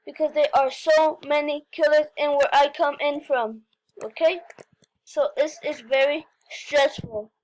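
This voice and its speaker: A woman giving excitable gameplay commentary, talking straight to viewers and often breaking into squeals and repeated cries. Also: sits high, measured pace. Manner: talks straight to viewers, frequent "okay, guys". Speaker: gaming video host.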